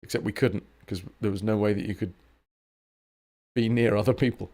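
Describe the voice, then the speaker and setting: A man's voice: lowish voice, fairly even intonation, moderate pace, darkish tone. A man chatting and joking while playing a game on stream, swearing freely. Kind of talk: casual game commentary.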